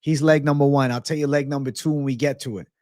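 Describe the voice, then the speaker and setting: A man's voice: medium pitch, steady tone, fast, darkish tone, no echo, clean studio sound. A man hosting a livestream of fight picks and betting odds, brash and profane, thanking donors and urging likes. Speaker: MMA betting livestream host.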